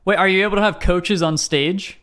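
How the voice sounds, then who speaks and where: A man with a slightly high, smooth and clear voice, asking quick questions and tossing out playful ideas in a casual podcast chat. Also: fairly even intonation, a bit bright. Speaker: podcast co-host.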